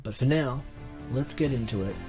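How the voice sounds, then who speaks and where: An Australian man hosts a casual podcast interview in a friendly, chatty way. He talks at an ordinary, mid-range pitch. His speech is loose and upbeat, full of fillers and restarts. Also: moderate pace, over loud music. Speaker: podcast host.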